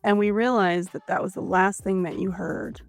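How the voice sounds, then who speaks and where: A woman's voice: medium pitch, steady tone, normal speed, no room sound, soft background music. Chatty woman podcast host, dry sound. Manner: chatty, sympathetic, recapping a story. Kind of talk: casual chat.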